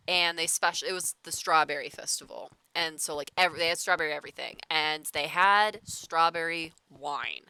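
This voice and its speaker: Lower-voiced bright chatty woman gamer. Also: clean tone, dry recording. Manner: chatty, full of filler "like", laughs often. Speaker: gaming streamer. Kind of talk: casual chat while playing a game.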